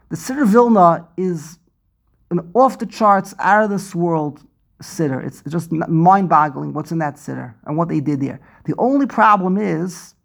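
Guy on a video call chatting, breathy, laughs a lot telling stories. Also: sits high. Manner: animated storyteller, laughs often. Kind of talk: casual conversation.

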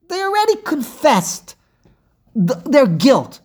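A woman teaching scripture in an emphatic, impassioned way. Her voice is husky and mid-pitched, and she pushes her points with rhetorical questions, dropping low and then climbing loud. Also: expressive, measured pace. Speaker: Torah teacher. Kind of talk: impassioned religious lecture.

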